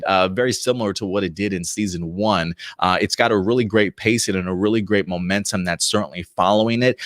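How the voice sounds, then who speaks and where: A man with a lowish voice hosts a casual video review in a dry, close-miked sound. He rambles enthusiastically, doubling back and stacking up fillers as he goes. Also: a bit bright, no room sound. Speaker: host reviewing episodes and comics.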